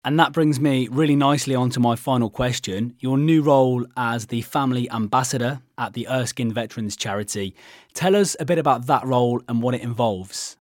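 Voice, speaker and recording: An interviewer asking questions in a gentle, sympathetic manner. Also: mid-range voice, a little fast, no echo, clean studio sound.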